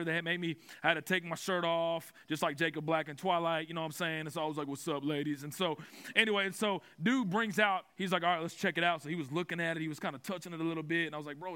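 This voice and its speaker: Young man, preacher, quick delivery, bright forceful tone, humorous storytelling sermon. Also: on the high side. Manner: lively, storytelling, self-mocking humor.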